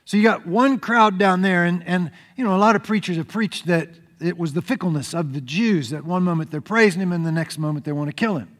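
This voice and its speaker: Man, pastor, animated sermon, long church reverb. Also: sits high, a little fast, hardly any pauses. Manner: animated storytelling preacher, acts out crowd shouts. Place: church sanctuary.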